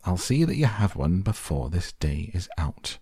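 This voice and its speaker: A man voicing an excitable, eccentric male chocolate maker in a storybook reading, with a fussy, pleading manner. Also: sits low, moderate pace, slightly rough, dry recording, studio quality, full character voice.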